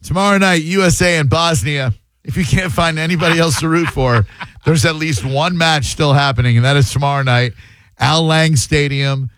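A man's voice: a little high, moderate pace, fairly bright tone, no echo. A man hosting a sports talk radio show, chatting loosely and rambling, often restarting his words. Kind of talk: casual radio banter.

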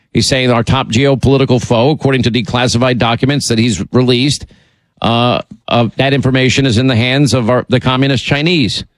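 A man's voice: mid-range voice, no echo. A man hosting a political talk show, delivering a combative, sarcastic monologue with frequent restarts and asides. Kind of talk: monologue commentary.

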